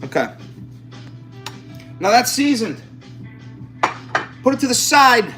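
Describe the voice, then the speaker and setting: Speaking slowly in an extremely high, sing-song voice that sounds pushed and bright, a man cooks at home and chats to the camera. The home cook vlogger swears without restraint and cracks brash, chatty jokes, with music in the background.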